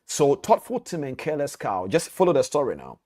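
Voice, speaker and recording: Teaching through a parable, a trading mentor tells his story with animation and talks straight to his audience in a storytelling lesson. His voice is medium-pitched and fairly quick.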